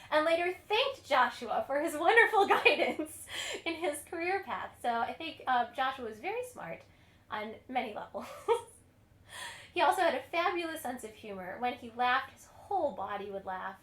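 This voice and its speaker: A woman's voice: high-pitched, expressive, normal speed, fairly bright tone, reverberant. A woman cantor giving a lecture on music history, telling stories in a chatty way and laughing often.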